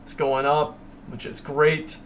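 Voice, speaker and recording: A man's voice: on the high side, little pitch movement, slow pace, a little hiss or hum. A man hosting his own channel, talking casually and emphatically as he walks through price charts, with ranting asides. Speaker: crypto channel host. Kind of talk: casual screen-share chart walkthrough.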